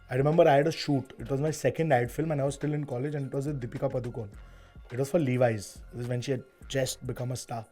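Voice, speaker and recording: A man in his thirties with an Indian English accent, an ad director chatting in an interview, who tells stories with animated asides and slips into Hindi phrases. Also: fairly high pitch. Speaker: interview guest, ad director and actor. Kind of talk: casual interview chat.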